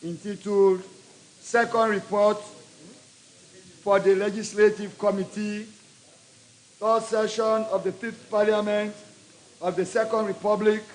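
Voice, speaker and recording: Sierra Leonean man as committee chairman, high-pitched, measured formal delivery in a parliament chamber. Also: level tone, low-quality recording. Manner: formal, deliberate, read in short phrases. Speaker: legislative committee chairman presenting a bill.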